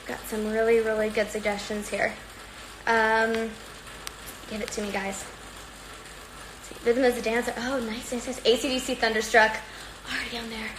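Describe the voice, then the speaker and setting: A chatty woman with a fairly high voice, talking casually to her viewers on a livestream. She rambles in an upbeat way and sounds slightly out of breath from exercising. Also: flat delivery, moderate pace, long pauses, background noise. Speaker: livestream host. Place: at home.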